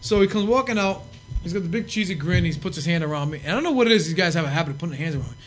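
Fast-talking, profane man telling stories. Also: high voice, faint music behind. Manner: profane, animated storyteller acting out quotes. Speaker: podcast guest. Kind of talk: casual storytelling.

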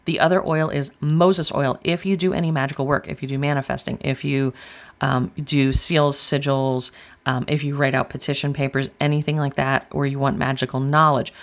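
A woman's voice: extremely low pitch, level tone, moderate pace. A woman giving a casual tarot reading, chatty and blunt, swearing freely as she talks straight to viewers. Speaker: tarot reader.

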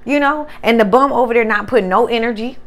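A woman doing a casual tarot reading, profane and animated, talking straight to her viewers. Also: on the high side, fast. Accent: Southern US. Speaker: tarot reader.

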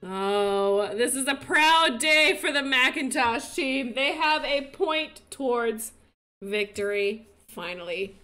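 A woman giving casual commentary on her own game, excitable and cheering as she plays. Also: sits high, slow pace. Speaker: gaming video creator.

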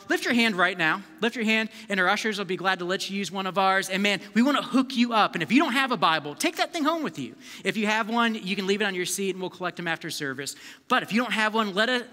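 Bright high-voiced pastor in a hall. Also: male voice. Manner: energetic, conversational, calls on the crowd to respond. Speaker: youth pastor. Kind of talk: live sermon. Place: church service hall. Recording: long reverb of a large hall.

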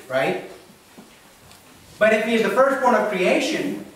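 A man's voice: sits high, fairly bright tone. A man preaching a sermon as pastor, plainspoken and often checking in with his congregation. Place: church. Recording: echoey church hall recorded from a distance.

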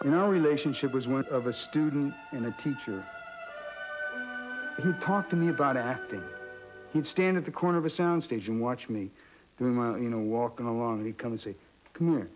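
A man's voice: medium pitch, moderate pace, music in the background, low-quality recording. A man reminiscing in an interview, reflective and slipping into the voices of people he quotes. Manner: reflective, acts out quotes of others.

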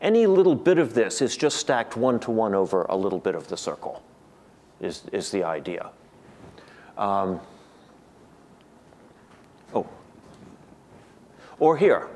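A man's voice: on the low side, a little mellow. A middle-aged man giving an academic seminar lecture, thoughtful and digressive, often restarting his sentences. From United States.

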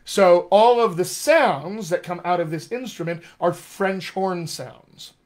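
Speaking slowly in a voice that sits high, a man who coaches dialects runs a live lesson from home, addressing viewers directly in a lively, talkative manner.

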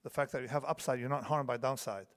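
A fast-talking man in his fifties with a medium-pitched voice gives a keynote lecture in a large conference hall, and the recording has long hall reverb. He digresses, restarts often, and keeps asking the audience "okay?"

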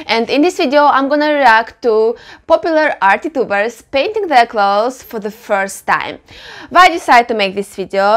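A woman's voice: a little high, a bit bright. A young woman hosting her own channel, explaining painting techniques in a reaction video in an earnest, instructive way. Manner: explanatory, earnest, with occasional laughs. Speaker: clothing customizer and channel host.

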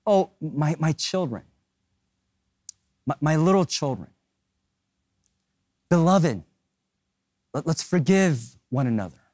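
A man voicing an elderly apostle who speaks softly and fondly, like a tender father figure. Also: a little high, animated, no echo, clean studio sound. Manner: soft, fond, halting.

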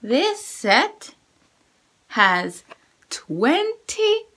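High, lively woman teaching kids. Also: very slow. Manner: encouraging, praising, exaggerated sing-song. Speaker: English teacher for children. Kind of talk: sight word drill for kids.

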